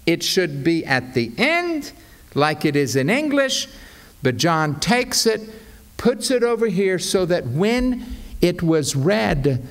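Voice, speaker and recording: Male pastor, sermon, slow and emphatic, fairly high voice. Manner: emphatic, deliberate teaching delivery.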